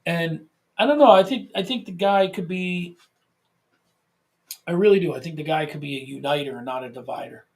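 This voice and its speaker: A man chatting on a podcast with a rough, gravelly edge to his voice. He talks in animated bursts, swears freely and often restarts his sentences. His voice sits a little higher than most men's. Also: normal speed, pauses often. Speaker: podcast co-host. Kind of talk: casual podcast chat.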